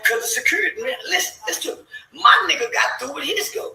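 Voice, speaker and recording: A man telling a story in an animated, boisterous way, cursing freely and laughing often, with bursts of shouting. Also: very high-pitched, fast talker, reverberant, rough recording. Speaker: podcast guest.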